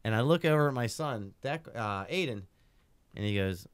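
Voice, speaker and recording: A man in his thirties co-hosts a podcast and tells a story full of swearing. His voice is smooth and clear and sits at a middling pitch. The sound is dry and close on a studio mic. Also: normal speed, dry recording. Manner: animated, profane, swings between loud outbursts and low asides. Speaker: podcast co-host. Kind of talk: casual storytelling chat.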